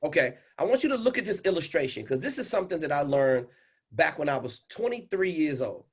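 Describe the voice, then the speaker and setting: A man coaching a caller on a livestream. He is animated and instructive and swings between loud and hushed delivery. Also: fairly high pitch, fairly quick, slightly rough. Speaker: speaking coach and host.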